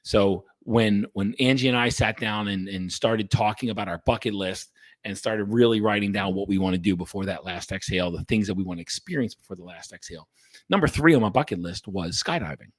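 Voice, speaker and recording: A man's voice: fairly low pitch, brisk, dry recording. A man hosting a podcast, talking bluntly and emphatically to his listeners, swearing freely and often restarting his sentences. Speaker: podcast host and coach. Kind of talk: casual monologue to listeners.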